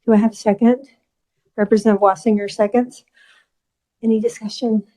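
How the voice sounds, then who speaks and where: A woman chairing a legislative committee hearing, a little out of breath, brisk and friendly as she runs the agenda. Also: a little high, flat delivery, warm tone, low-quality recording.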